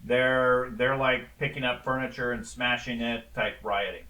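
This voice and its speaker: A man running a tabletop game as game master, narrating scenes in a relaxed way with frequent ums. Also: medium pitch, measured pace, recorded from a distance.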